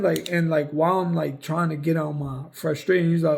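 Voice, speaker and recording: Young man, gravelly slightly high voice, rambling casual vlog storyteller with fillers and curses. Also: steady tone, brisk, darkish tone. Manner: rambling, frequent fillers, cursing. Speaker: vlogger.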